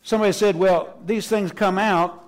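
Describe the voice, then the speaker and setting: Man, pastor, fervent sermon, emphatic repetition, higher-pitched voice. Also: steady tone, normal speed. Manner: fervent, emphatic preaching with repeated phrases. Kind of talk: Pentecostal sermon. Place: church service.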